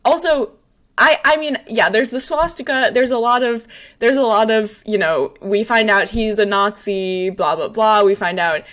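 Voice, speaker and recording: A woman's voice: fairly high pitch, normal speed, fairly bright tone. Chatty woman podcast co-host. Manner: chatty, laughs often, quotes others. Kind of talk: casual chat.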